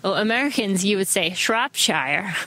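A woman's voice: mid-range voice, normal speed, fairly bright tone, slight background noise, rough recording. An English woman hosting a running podcast, chatting casually and counting listeners into strides as she walks outdoors. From England. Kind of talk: casual audio running guide. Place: walking outdoors.

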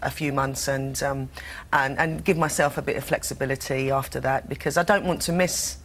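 A woman's voice: a bass voice, steady tone, normal speed. A woman from Scotland who speaks with a London accent, chatting as a guest in a TV studio interview, repeating and restarting words and laughing easily. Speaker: actress guest.

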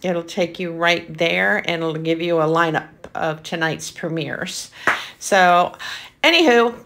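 A woman hosting her own art channel, talking casually and gushing with excitement, full of ums and repeats. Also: on the low side, slow. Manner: gushing, enthusiastic, filler-heavy. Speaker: acrylic pour artist, channel host. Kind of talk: casual vlog narration.

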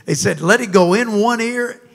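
A man's voice: high-pitched, moderate pace, creaky, fairly bright tone, big-room sound. A male pastor preaching a sermon, pressing his point with emphatic rhetorical questions. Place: church sanctuary.

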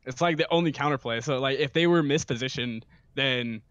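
A man's voice: mid-range voice, brisk, fairly bright tone, smooth, no room sound, dull audio. Casual male esports color commentator. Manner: casual, filler-heavy, laughs often. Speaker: esports co-caster.

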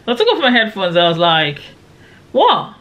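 A woman's voice: lowish voice, fast, muffled recording. A young woman, dramatically retelling a personal story in a casual vlog. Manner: animated, dramatic retelling with quoted shouts. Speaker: storyteller vlogger.

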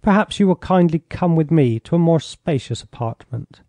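A man reading an audiobook, voicing a coarse, drunken older baron with a gruff, blustering manner. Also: fairly high pitch, expressive, normal speed, dark tone, dry recording, voice pushed up.

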